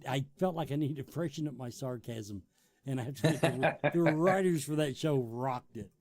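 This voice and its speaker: A man's voice: medium pitch, moderate pace, darkish tone. A man hosting an interview show, joking with his guest and reading event plugs. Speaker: talk show host. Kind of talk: casual interview and promo reads.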